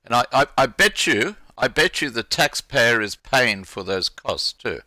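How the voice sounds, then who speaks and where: Bright-voiced male interview host. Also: medium pitch, animated, measured pace. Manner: reactive, stammers on restarts. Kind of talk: live interview.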